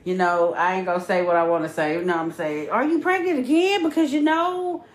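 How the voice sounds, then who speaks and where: A woman's voice: fairly low pitch, fairly quick. A woman podcast co-host chatting casually, wisecracking and swearing freely as she gives blunt advice. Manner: animated, profane, wisecracking. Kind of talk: casual chat. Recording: echoey room.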